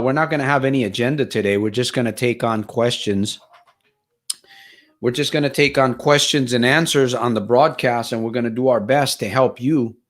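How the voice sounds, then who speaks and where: A man coaching viewers live over a webcam microphone, his voice at a middling pitch. He speaks earnestly and motivationally, circling back, restarting and repeating phrases as he works through viewers' questions. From Stockton, California. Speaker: life coach hosting a live stream.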